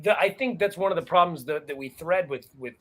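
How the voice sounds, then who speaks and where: Man, somewhat high voice, panel host, rambling casual talk, quick mock quotes. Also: a bit bright.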